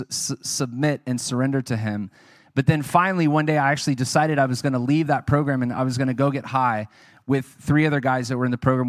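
A man's voice: medium pitch, no echo, clean studio sound. A man preaching a sermon, telling his own testimony in an earnest, conversational way and speaking to the audience.

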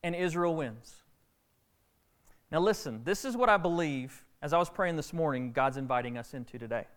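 A man preaching a sermon, retelling a Bible story with lively, acted-out dialogue. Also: fairly high pitch, normal speed. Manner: animated storytelling preacher, acting out characters' lines. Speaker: pastor.

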